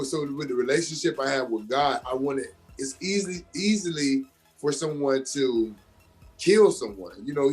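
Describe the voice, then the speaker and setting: A young adult man from Georgia in the US, an actor and comedian guest telling his story with animated emphasis in a casual interview. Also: mid-range voice, slightly rough.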